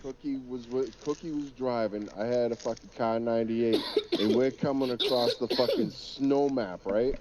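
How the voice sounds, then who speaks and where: A man's voice: mid-range voice, normal speed, few pauses, heavy background noise. Laughing, joking gamer man. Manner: joking, laughs often, profane, calls out plays. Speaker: gamer on a co-stream. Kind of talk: casual game chat with teammates.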